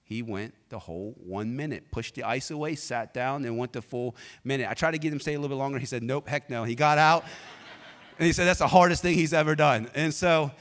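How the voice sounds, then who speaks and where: A pastor giving a sermon in a casual, energetic way, telling personal stories and prompting the congregation to answer back. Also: male voice, mid-range voice, fast, big-room sound.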